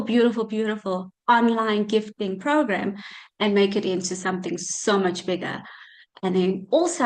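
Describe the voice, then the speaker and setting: A woman's voice: mid-range voice, poor audio. A woman speaking on a video call as a custodian of an online gifting community, giving a heartfelt thank-you address and repeating her thanks over and over.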